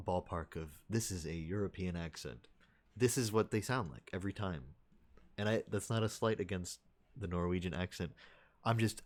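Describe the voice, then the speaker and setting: Young adult male streamer, very low voice, loose rambling casual chat. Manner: rambling, thinking aloud with many restarts.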